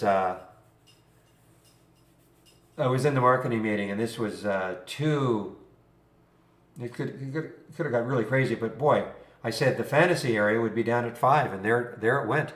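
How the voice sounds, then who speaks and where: A man's voice: mid-range voice, moderate pace, long pauses. A man hosting a live trading stream, thinking aloud in a rambling, chuckling, casual way. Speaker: trading room host. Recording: roomy echo.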